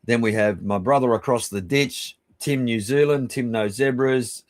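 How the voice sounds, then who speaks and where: An Australian man hosting a live stream, giving rambling, chummy shout-outs to viewers and swearing casually. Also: mid-range voice, moderate pace, dry recording. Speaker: livestream host.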